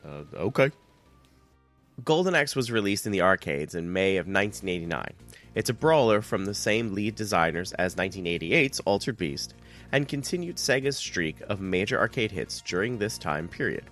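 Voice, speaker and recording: Stuffed-up man with a low voice. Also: very animated, normal speed, a bit bright, faint music behind. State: stuffed up with a cold. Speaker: podcast co-host. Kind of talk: casual chat.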